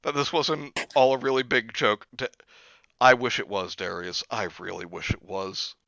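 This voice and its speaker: A man's voice: mid-range voice, fairly even intonation, moderate pace, vocal fry, bright, forceful tone, no echo, lo-fi sound. A young man hosting a stream, reading a book aloud with sarcastic asides and laughter. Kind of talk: comedic read-through with commentary.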